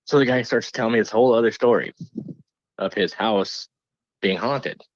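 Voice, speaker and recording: Deep-voiced man telling a story, dry lo-fi sound. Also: normal speed, no room sound. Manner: animated, laughs while telling a spooky story. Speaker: podcast host. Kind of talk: casual storytelling.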